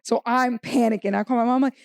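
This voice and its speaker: A woman's voice: fairly high pitch, quick pace, no echo, clean studio sound. A woman co-hosting a podcast, telling a story in casual chat and acting out the quotes. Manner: animated storyteller who acts out quotes. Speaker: podcast co-host.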